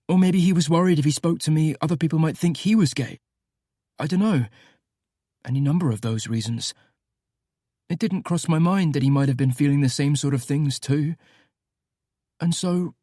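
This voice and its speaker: A man giving soft, wistful first-person audiobook narration. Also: fairly high pitch, no echo, clean studio sound.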